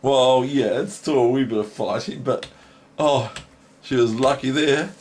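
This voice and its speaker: A man's voice: medium pitch, a little slow, darkish tone, a little hiss or hum. A man with a New Zealand accent casually commenting on a chess game as a teacher, delighted and laughing often between remarks.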